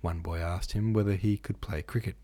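A man reading a classic novel aloud as a podcast audiobook narrator, in a measured, steady way. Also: low-pitched.

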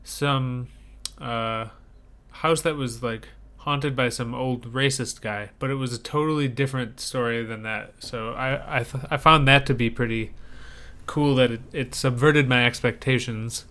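Guy co-hosting a podcast, rambly and restarting a lot, bright sharp voice. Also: medium pitch, steady tone, measured pace. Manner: rambling, frequent restarts and self-corrections. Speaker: podcast co-host. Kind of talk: casual chat.

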